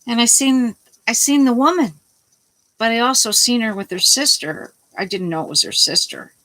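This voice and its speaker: A woman's voice: a little high, lively intonation, normal speed, pushed and bright, no room sound, low-quality recording. A middle-aged woman telling a story in a rambling, casual way, swearing now and then and restarting her sentences. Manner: rambling, salty, starts over mid-sentence. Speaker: vlogger.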